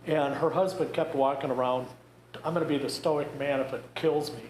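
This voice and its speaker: A man's voice: mid-range voice, fairly even intonation, normal speed, a little mellow. A man giving a talk to a group, conversational and wry, with joking asides. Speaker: grief presenter. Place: church meeting room. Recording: echoey room with faint noise.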